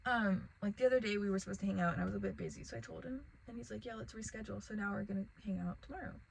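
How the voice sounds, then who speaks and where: A woman's voice: mid-range voice, very fast, vocal fry, slight background noise, low-quality recording. A young woman telling a rambling casual storytime vlog to the camera, packed with "like" and fillers. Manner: rambling, filler-heavy, lots of "like".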